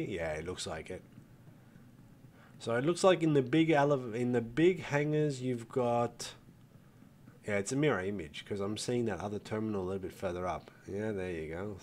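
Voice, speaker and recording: His voice is fairly low and a little mellow, with a slight hiss or hum in the recording. An older host of a gaming channel, he gives casual commentary as he plays, musing out loud, swearing freely, and calling viewers "folks."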